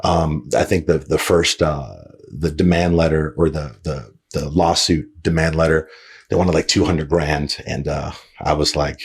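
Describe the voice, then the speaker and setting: A man's voice: a bass voice, steady tone, moderate pace, slightly rough. A man hosting a podcast, telling a story casually with lots of fillers, restarts and swearing. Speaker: podcast host.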